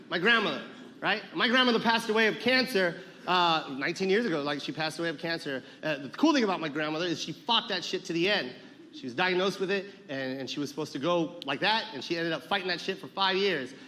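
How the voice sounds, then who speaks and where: Give me a male comedian with a high, piercing voice telling stories in a live stand-up set, recorded with long venue reverb. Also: animated, fast, pushed and bright. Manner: loose storytelling with swearing and act-outs.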